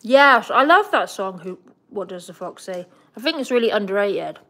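A woman's voice: medium pitch, lively intonation, normal speed, fairly bright tone. A young woman hosting a casual livestream about her pet bird, chatting and giggling as she talks to the bird and the viewers. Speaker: pet bird channel host.

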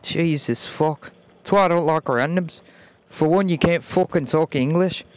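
With a fairly high voice and a slightly slow delivery, a gamer trades profane banter with random teammates. He swears nonstop and lays on a put-on British accent, calling people "mate" and "wanker."

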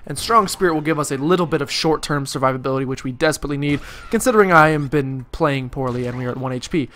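A man's voice: fairly high pitch, fast, a bit bright. A man with a slightly raised voice talks through a video game run. He rambles through loose tangents and pokes fun at his own play as he goes. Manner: rambling, self-deprecating, jokey asides. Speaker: let's play commentator. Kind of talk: casual gameplay commentary.

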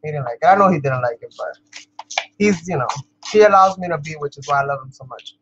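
A woman's voice: low-pitched, animated, fast talker, dull audio, noisy background. Chatty New woman crafting vlogger. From New York. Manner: chatty, laughs often, talks to viewers as "you guys". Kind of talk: casual chat while crafting.

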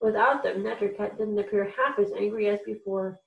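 A woman reading a chapter book aloud to children in a steady storytelling way. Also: medium pitch, normal speed, vocal fry, recorded from a distance, phone-quality sound. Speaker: reader for a children's program. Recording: echoey room, voice off-mic.

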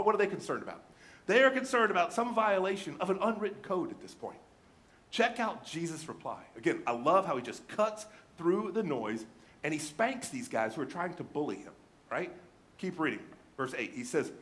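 A man preaching a sermon as pastor, telling a scripture story with energy and acting out the people in it. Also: sits high. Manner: animated storytelling, acts out scripture voices.

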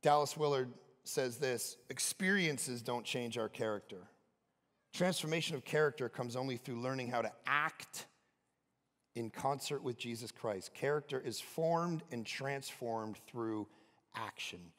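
A middle-aged male pastor, preaching a sermon with animated storytelling and loud bursts of self-mocking humor. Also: medium pitch, a little slow. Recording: reverberant hall.

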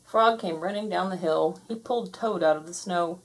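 A woman reading a children's picture book aloud in a gentle, measured way. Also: fairly low pitch. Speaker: storybook reader. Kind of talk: children's story read-aloud.

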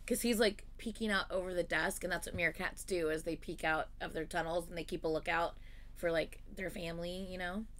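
A woman reacting to music videos in casual commentary, effusive and exclamatory, swinging from loud gushing to quiet murmurs. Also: on the low side, steady tone, brisk.

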